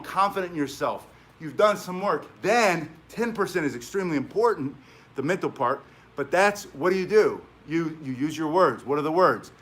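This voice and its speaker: A middle-aged man coaching self-defense in a casual, conversational way. His voice sits a bit high for a man, and he keeps checking in with quick "right?" asides. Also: fairly bright tone. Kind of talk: casual instructional talk.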